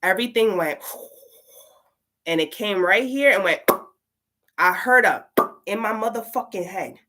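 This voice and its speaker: A woman's voice: medium pitch, expressive, unhurried, sharp tone, a little hiss or hum. A woman tarot reader and poet telling a casual story, full of "like" fillers and swearing.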